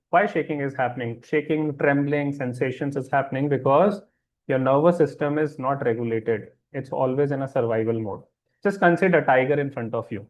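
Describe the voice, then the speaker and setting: Heard through dull audio, a man of medium pitch leads a live wellness webinar. He works through chat questions, comforting his audience and frequently repeating questions to confirm they're with him.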